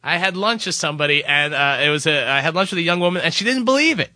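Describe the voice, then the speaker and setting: A man hosting a radio show, chatting casually and playfully with his co-host. His voice sits fairly high and bright. The sound is dry and close. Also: lively intonation, quick pace, no room sound.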